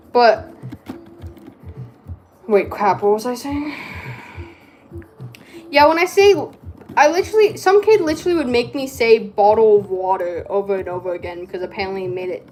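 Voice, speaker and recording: Over soft background music, a woman vlogger chats casually while crafting, her medium-pitched voice sing-song and darkish, at normal speed with frequent pauses. She rambles and cuts herself off, and a speech impediment makes her R's hard for her to say.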